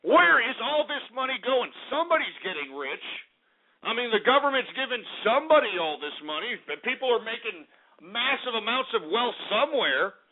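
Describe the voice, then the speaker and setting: A man with a high, tight voice rants as the host of a call-in radio show, cursing and insulting his audience. The sound is thin and tinny, like a phone line. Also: very animated, moderate pace, breathy edge. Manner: angry, ranting, profane and insulting.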